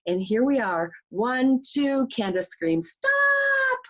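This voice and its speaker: A woman life coach telling a personal story in an animated way, acting out the voices of others. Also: fairly high pitch, takes it slowly. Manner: animated, acts out quoted voices. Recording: slightly muffled recording.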